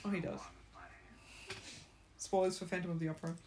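A woman's voice: fairly low pitch, level tone, a little fast, a crowd in the background. A woman watching a TV episode with friends and making playful, self-mocking jokes. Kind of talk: casual reaction chat.

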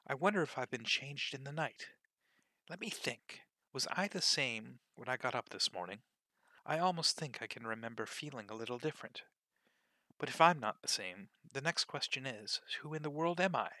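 A man's voice: mid-range voice, pushed and bright, no echo. A man doing a flustered little girl. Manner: wondering, fretful talking to herself. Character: curious, easily flustered young girl.

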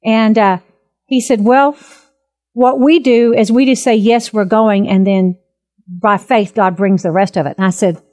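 A woman in her fifties, a minister, telling her testimony in an earnest, emphatic and animated way. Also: mid-range voice, measured pace. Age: 50s. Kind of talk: personal testimony talk.

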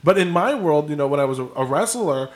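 A man's voice: on the high side, animated, quick pace. A young man co-hosting a podcast, talking casually and explaining his points at length. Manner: conversational, explanatory. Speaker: podcast co-host. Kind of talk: casual chat.

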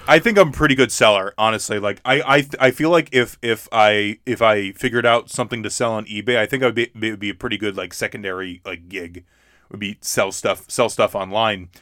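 A young man co-hosting a podcast, talking casually and haltingly with many repeats and restarts. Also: lowish voice, fairly bright tone, no echo, studio quality. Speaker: podcast co-host.

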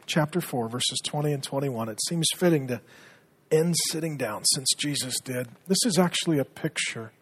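Husky, earnest man preaching a sermon. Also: a little high. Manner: earnest, drops to a hushed tone when telling stories. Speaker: pastor.

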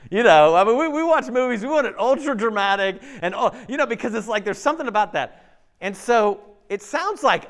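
A man preaching a casual, conversational sermon. He keeps checking in with the congregation and swings between loud emphasis and soft, low asides. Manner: conversational, with frequent fillers and rhetorical checks. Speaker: pastor.

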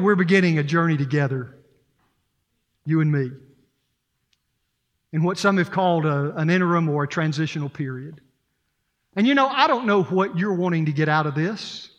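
A man preaching a sermon as interim pastor, earnest and storytelling, with emphatic repetition. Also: on the high side. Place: church sanctuary. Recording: reverberant church hall.

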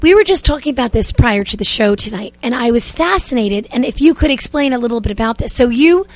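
Bright-pitched enthusiastic woman host. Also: expressive, fast. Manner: enthusiastic and effusive. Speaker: radio show host. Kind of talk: radio interview.

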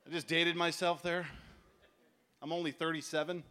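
Animated high-voiced man preaching. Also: normal speed, clear, resonant tone. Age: 40s. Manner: animated storytelling, acts out voices. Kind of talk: sermon. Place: large tent festival gathering.

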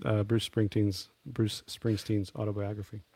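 Man, gravelly voice, hesitant reflective co-host, dry recording. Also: fairly low pitch, flat delivery, normal speed, dark tone, no room sound. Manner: hesitant, full of fillers and restarts. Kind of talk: casual reflective conversation.

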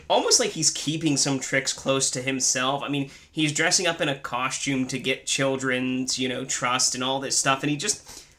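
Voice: medium pitch, sharp tone. Sarcastic podcast co-host riffing on a film. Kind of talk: casual chat.

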